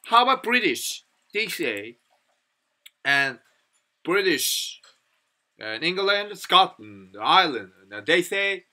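A man with a Korean accent teaching English pronunciation in a casual spoken lesson, halting with many fillers and restarts. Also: sits high, sing-song, bright, forceful tone.

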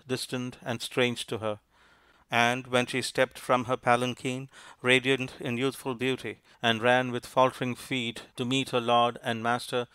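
A man narrating a storybook in a measured, even reading. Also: mid-range voice, clear, resonant tone, no room sound. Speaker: audiobook narrator.

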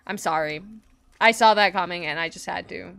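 A woman game streamer chatting live with viewers, excitable and gushing, swearing often and squealing and laughing between lines. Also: on the low side, fairly quick, creaky, faint music behind. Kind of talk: casual live-stream chat.

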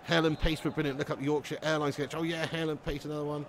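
A man's voice: fairly high pitch, little pitch movement, quick pace, slight background noise. A man live-streaming a football game, chatting loosely with his viewers, swearing and laughing often. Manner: swearing, laughing, rambling banter with chat. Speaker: streamer reading chat. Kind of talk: casual live-stream chat.

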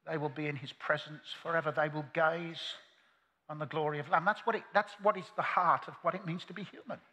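An older man preaching a sermon at a convention, earnest and moving between loud climaxes and hushed quiet. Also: fairly high pitch, in a large hall. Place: large convention hall.

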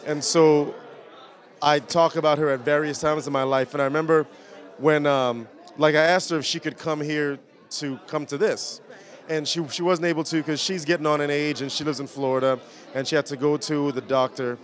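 A man giving an animated red carpet interview at an outdoor event, often repeating words as he tells stories. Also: fairly high pitch, moderate pace. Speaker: award honoree.

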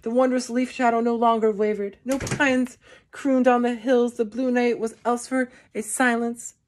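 Woman, poetry reader, measured, deliberate pauses, somewhat high voice. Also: fairly even intonation, a little mellow, a little hiss or hum. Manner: slow, deliberate phrasing with long pauses.

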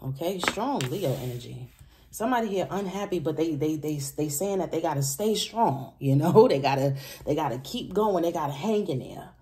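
Low-voiced woman chatting through a tarot reading. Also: animated, a little fast, hardly any pauses, dark tone. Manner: chatty and emphatic, repeats phrases, speaks straight to viewers; laughs often between remarks. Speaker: tarot reader. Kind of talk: casual tarot reading to viewers.

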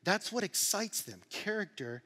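A male pastor preaching a sermon in an animated, emphatic way, with rising bursts of energy. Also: high voice, unhurried, slightly rough, big-room sound. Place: church auditorium.

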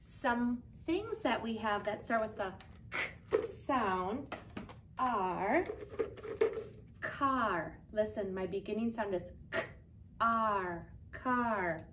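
A woman teacher giving a phonics lesson to young children, sounding out letters slowly and clearly. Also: mid-range voice, animated, recorded from a distance. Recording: voice a little off-mic, faint room noise.

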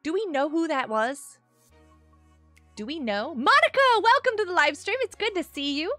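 A woman's voice: sits high, animated, normal speed, pushed and bright, dry recording, soft background music. A woman in her thirties chatting with viewers while she plays on a live gaming stream, bubbly and giggly.

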